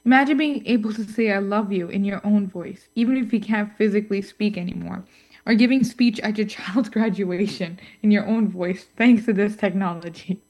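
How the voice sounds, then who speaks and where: A woman's voice: medium pitch, moderate pace, darkish tone. A woman co-hosting a scripted podcast chat, reading with fillers and small stumbles and making playful asides. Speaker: co-host.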